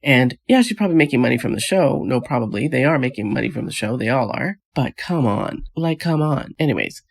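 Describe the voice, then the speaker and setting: A husky, creaky female voice at an extremely low pitch, expressive and fairly quick, belongs to a casual vlog host. She recaps reality TV in a rant of scoffing, exasperated rhetorical questions, rambling and frequently restarting.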